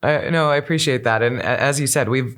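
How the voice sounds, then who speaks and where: A woman's voice: very deep voice, fast. A woman hosting an interview, encouraging and chiming in with short affirmations before asking questions. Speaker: podcast host. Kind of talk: interview chat.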